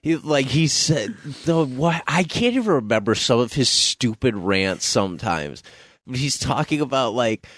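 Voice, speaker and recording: A man's voice: medium pitch, sing-song, unhurried, a bit bright, no room sound, studio quality. A man co-hosting a podcast in casual chat, telling stories animatedly, swearing freely and acting out quotes in a raised voice. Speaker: podcast co-host.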